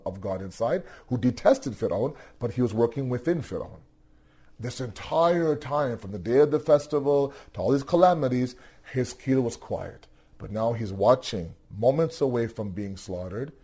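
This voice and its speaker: A man giving a religious storytelling lecture, animated, asking rhetorical questions and repeating his words. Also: mid-range voice, husky. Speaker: religious teacher.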